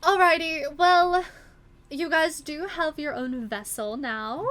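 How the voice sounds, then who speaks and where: A woman voicing a doting, fussy middle-aged mother who speaks softly but sternly. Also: high voice, expressive, a little slow, pitched above the performer's own voice. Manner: soft, stern, fussing.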